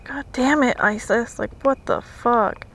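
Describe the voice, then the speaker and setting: A woman's voice: fairly high pitch, a little slow, fairly bright tone, a little hiss or hum, poor audio. A woman vlogging casually, swearing a lot and often dropping into whispers. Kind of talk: casual reaction vlog.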